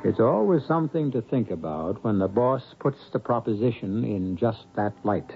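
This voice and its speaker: A male radio drama host telling the story in a wry, measured way. His voice comes through tinny and thin like an old broadcast, with faint music underneath. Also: fairly low pitch, lively intonation. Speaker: host and narrator. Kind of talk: scripted radio drama narration.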